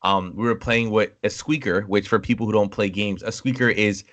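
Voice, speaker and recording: A man's voice: fairly low pitch, a little fast. Young man telling stories animatedly. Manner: animated storyteller, acts out quoted voices, swears. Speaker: podcast co-host. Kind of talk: casual chat.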